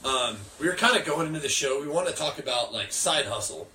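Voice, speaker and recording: A man in his twenties co-hosting a casual live podcast, relaxed and agreeable, quick to laugh along. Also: fairly high pitch. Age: 20s. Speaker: podcast co-host. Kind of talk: casual live-stream chat. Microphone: phone recording. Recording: roomy echo with faint background hiss.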